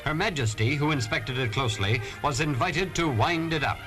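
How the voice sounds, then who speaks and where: Old newsreel guy narrating, formal, fairly high voice, music under it. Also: moderate pace, low-quality recording. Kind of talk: scripted archive newsreel narration.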